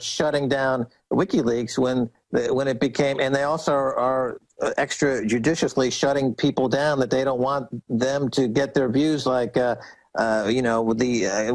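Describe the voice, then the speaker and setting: A man's voice: no echo, low-quality recording. Mocking, indignant male radio guest. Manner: indignant, mocking rants with big pitch swings. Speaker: guest commentator. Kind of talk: radio talk show discussion.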